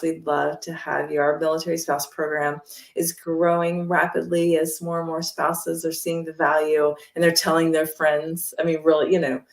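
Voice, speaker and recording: Upbeat woman on a roomy video call. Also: on the low side. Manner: upbeat, persuasive and talkative. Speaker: mentorship program representative. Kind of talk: livestream interview. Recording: roomy sound, far from mic.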